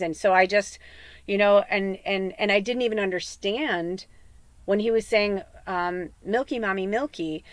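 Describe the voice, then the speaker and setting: A woman of middle pitch talks through a long, rambling story for her spiritual podcast, full of fillers and restarts. She acts out the other people in her story with sudden jumps up in pitch. The sound is dry and close, with no room echo. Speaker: tarot reader. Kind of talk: casual spiritual podcast chat.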